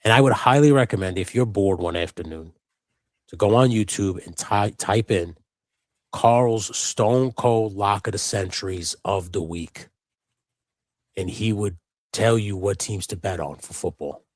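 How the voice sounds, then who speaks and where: A man's voice: on the low side, measured pace, no room sound. A man co-hosting a live stream, chatting casually and loosely, swearing often and wandering between topics. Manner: loose and rambling, swears a lot. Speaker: co-host of a live customizing stream. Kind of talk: casual chat.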